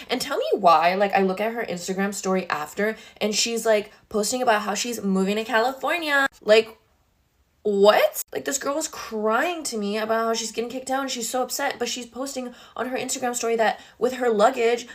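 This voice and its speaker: A woman's voice: a little high, moderate pace. A young woman talking casually and in an exasperated tone from her bedroom makeup table. She tells a storytime vlog and fills it with lots of filler words. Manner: chatty, exasperated, heavy use of filler words. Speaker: social media creator.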